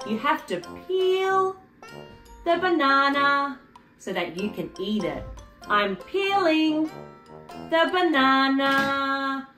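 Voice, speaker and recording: A high, very lively woman teaching toddlers their first words, with her pitch swooping up and down in a sing-song way. She talks very slowly and repeats words clearly so little ones can copy them. The room is echoey, with faint music underneath. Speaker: preschool video presenter.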